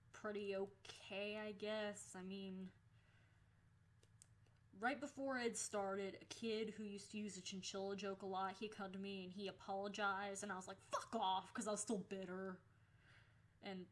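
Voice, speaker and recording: A young woman vlogging, casually telling a story about her school days, swearing freely and laughing as she goes. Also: mid-range voice.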